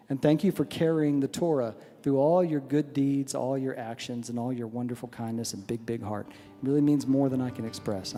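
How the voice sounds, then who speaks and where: A man's voice: mid-range voice, mellow. A man from Texas, telling wry, self-deprecating stories between songs on stage in a large synagogue. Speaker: singer-songwriter performer. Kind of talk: onstage storytelling between songs. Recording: hall reverb with faint music.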